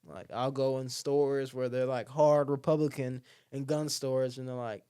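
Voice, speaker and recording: As a podcast guest, a young man from Alabama keeps the conversation casual, animatedly playing the people in his stories and using "like" and "bro" heavily. His voice is clean, medium-pitched, and moderately paced.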